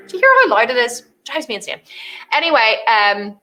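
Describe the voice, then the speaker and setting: A woman's voice: a little high, lively intonation, a little fast, sharp tone, faint music behind. A woman business coach hosting a solo podcast, talking casually and animatedly, swearing freely and acting out the voices of people she describes.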